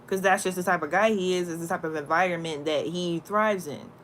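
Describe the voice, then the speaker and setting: A woman in a casual, slang-filled spiritual talk, rambling and animated as she tells stories. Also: on the low side, fairly quick, a little hiss or hum. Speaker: spiritual content creator.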